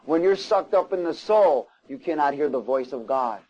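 A man delivers a sermon in a fairly high voice. He reads scripture aloud and breaks off for asides and questions to his listeners. The recording sounds a little dull and lo-fi. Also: lively intonation, moderate pace, darkish tone. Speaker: preacher.

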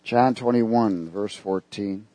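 A man's voice: lowish voice, slow pace, mellow, no echo. Casual dry-voiced male preacher. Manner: casual, conversational, asks the congregation questions. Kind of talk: sermon with scripture reading.

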